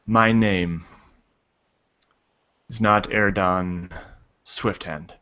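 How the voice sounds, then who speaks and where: A man voicing a dutiful, secretive elf-raised warrior who speaks in a halting, earnest way. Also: sits low, fairly even intonation, pushed and bright, clean tone, full character voice. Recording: dull lo-fi recording.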